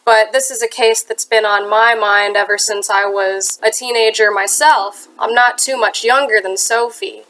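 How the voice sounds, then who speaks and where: A woman's voice: a little high, a bit bright, poor audio. Congested Midwestern woman telling a true crime story. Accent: American Midwestern. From United States. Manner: earnest, chatty, with casual asides. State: congested from a sinus infection. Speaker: true crime channel host. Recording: harsh, clipping home recording.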